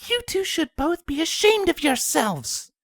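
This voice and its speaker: A woman doing Fluttershy, a soft high pony voice. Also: unhurried, no room sound, studio quality, heavily acted. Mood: calmly stern. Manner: soft and gentle, calmly stern when needed. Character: gentle shy young female pegasus pony.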